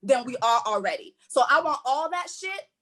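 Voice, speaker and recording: A woman's voice: high-pitched, sing-song, moderate pace, a bit bright. A woman from Haiti speaking on a panel, emphatic and blunt, swearing freely as she makes her points. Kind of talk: impassioned panel talk.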